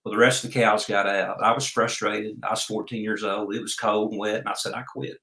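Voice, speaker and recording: A man spins an unhurried, folksy yarn as a podcast guest. His voice is bright and forceful. The room around him adds a noticeable echo. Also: on the low side, steady tone, gravelly. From Oklahoma. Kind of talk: storytelling in a podcast interview.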